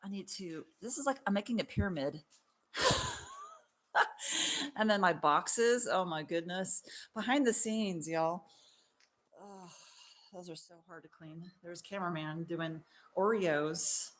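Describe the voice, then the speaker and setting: A young adult woman who owns a marshmallow shop, hosting a casual live stream while she works, excitable and self-mocking with frequent exclamations and laughs. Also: lowish voice, unhurried.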